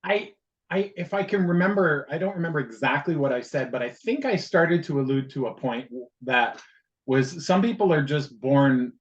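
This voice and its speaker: A man's voice: fairly high pitch, lively intonation, moderate pace, dull audio. A man co-hosting a casual chat, talkative and often searching for the right word. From Canada. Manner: chatty, searches for words. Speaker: podcast co-host.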